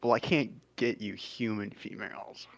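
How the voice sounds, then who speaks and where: A man's voice: fairly low pitch, fairly even intonation, normal speed, gravelly, no echo. A man speaking as a player in a tabletop game, casual and a bit hesitant, swearing often. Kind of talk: in-character tabletop play.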